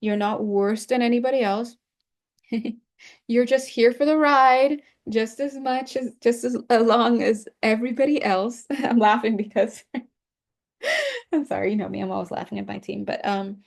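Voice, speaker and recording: A woman's voice: a little high, normal speed, creaky, darkish tone. A woman giving a casual spiritual tarot reading, chatty, laughing often and stretching out words for emphasis. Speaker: tarot reader.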